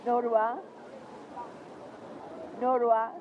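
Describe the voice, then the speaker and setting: A man putting on a shrill loud Geordie bloke. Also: monotone, takes it slowly. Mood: brash. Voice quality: high, shrill put-on voice. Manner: crude, swearing, agreeing loudly. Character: loud bigoted Geordie man, drunk and crude. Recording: muffled stream audio with noise.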